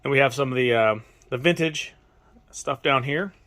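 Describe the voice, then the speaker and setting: A man at an ordinary middle pitch gives a casual walking tour of his toy store. He talks quickly and excitedly, tripping over his words and restarting sentences as he goes. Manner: excited, fast-talking with restarts.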